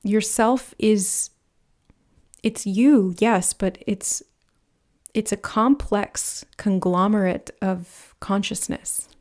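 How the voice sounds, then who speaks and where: A tarot reader offers a pick-a-card reading in a gentle, earnest voice of medium pitch with vocal fry. She rambles a little and laughs softly now and then.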